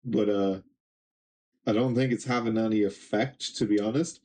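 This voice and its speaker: A man's voice: on the low side, steady tone, normal speed, mellow. A young man casually reading and recapping a comic, rambling with many ums and little laughs. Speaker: manga reaction streamer.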